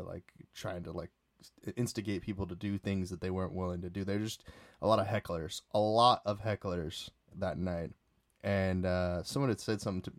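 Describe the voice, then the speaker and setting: Rambling man with a low, dry voice. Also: smooth, dry recording. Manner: rambling, many fillers and restarts. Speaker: podcast host. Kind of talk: casual solo storytelling.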